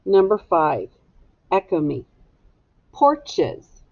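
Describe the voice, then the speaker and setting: A woman with a lowish voice dictates a spelling test to young children, slowly and deliberately breaking each word into syllables. The recording has no echo and the high frequencies are cut off.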